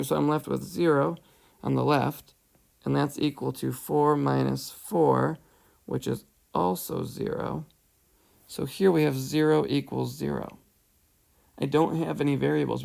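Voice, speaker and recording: A man with a deeply gravelly, fry-laden voice at an ordinary middle pitch talks through a math lesson over a screencast. He walks patiently through each step and keeps checking in with his students. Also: steady tone, measured pace. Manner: patient, explains step by step, asks "right?". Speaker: math teacher. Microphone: headset or tablet mic, voice-over screencast.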